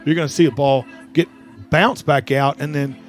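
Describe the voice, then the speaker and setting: A man's voice: fairly high pitch, steady tone, moderate pace, soft background music. A man giving sports commentary from a stadium press box, out of breath, talking with eager, rambling enthusiasm and frequent restarts. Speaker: color commentator.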